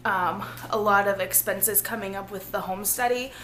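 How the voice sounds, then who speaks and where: A woman, hoarse and losing her voice, talking casually and earnestly to her viewers in a rambling vlog, often laughing. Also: medium pitch, fairly even intonation, normal speed, fairly bright tone, a little hiss or hum. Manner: rambling, earnest, laughs often, drops to a near-whisper at times. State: losing her voice, feeling ill. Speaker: vlogger.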